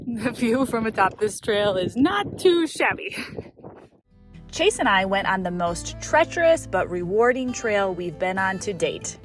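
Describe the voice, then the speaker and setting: A woman's voice: medium pitch, big pitch swings, a little slow, soft background music, rough recording. Chatty woman vlogging a road trip. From United States. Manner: chatty, laughs often, enthusiastic. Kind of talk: casual travel vlog. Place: in her car and outdoors at a scenic overlook.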